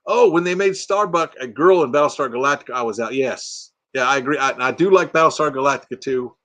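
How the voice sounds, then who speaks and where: A man's voice: mid-range voice, fairly quick, fairly bright tone. An older man from Texas with a Texan accent, hosting a casual live chat and joking around with silly bits. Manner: jokey, slips into silly bits and voices. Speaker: livestream host.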